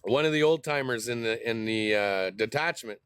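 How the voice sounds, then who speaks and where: A man's voice: mid-range voice, normal speed, a bit bright, smooth, dry recording. A middle-aged man, telling a heated, profane story in a casual vlog rant. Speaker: host.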